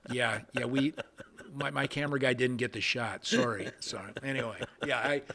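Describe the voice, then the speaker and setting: An older man, a veteran cameraman, telling stories in an interview with lively sound effects and frequent restarts. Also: mid-range voice, moderate pace, gravelly. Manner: animated anecdotes with sound effects, many restarts. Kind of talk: storytelling interview.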